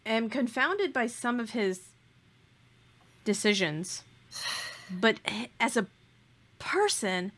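A woman's voice: on the high side, sing-song, slow, pauses often, fairly bright tone. A woman co-hosting a podcast in casual chat. She gushes with emphatic, playful exaggeration. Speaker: podcast co-host.

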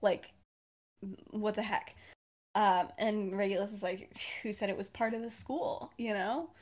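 A woman's voice: medium pitch, unhurried. A young woman co-hosting a podcast, casually retelling her fan-fiction story with many fillers and frequent laughs. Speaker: podcast co-host.

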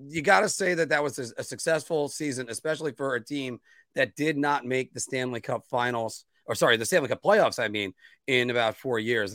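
A man's voice: mid-range voice, fairly bright tone, dry recording, studio quality. A man hosting a hockey podcast, chatting casually and plugging merchandise between questions to his co-host. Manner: upbeat, plugs merch and sponsors. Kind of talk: casual sports chat.

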